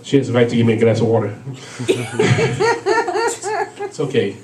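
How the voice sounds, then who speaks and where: A man's voice: mid-range voice, wildly swooping pitch, moderate pace, a little mellow, echoey room, far from the mic, low-quality recording. A man doing a stand-up comedy set, rambling through stories with lots of fillers and laughs at his own jokes. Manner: rambling, filler-heavy storytelling with frequent laughs.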